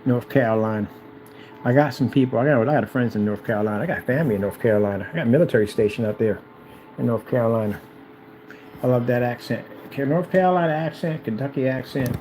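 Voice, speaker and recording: A man talking casually and repetitively, hyping himself up while reading instructions aloud haltingly. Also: medium pitch, a little mellow, a little hiss or hum, rough recording. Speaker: DIY projector screen vlogger. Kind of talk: casual self-recorded commentary.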